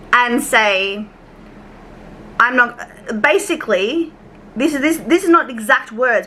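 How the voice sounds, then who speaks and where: A woman's voice: a little high, pushed and bright, a little hiss or hum, poor audio. A young Australian woman telling a storytime rant in a casual, chatty way, swearing, wandering off on tangents and acting out her conversations. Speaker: YouTube commentary vlogger.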